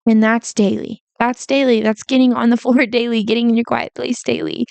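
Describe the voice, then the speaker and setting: A woman's voice: fairly high pitch, level tone, fairly quick, creaky, darkish tone, dry recording. A young woman in her twenties hosting a heartfelt, faith-based podcast monologue, talking earnestly with fillers and repeats. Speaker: podcast host.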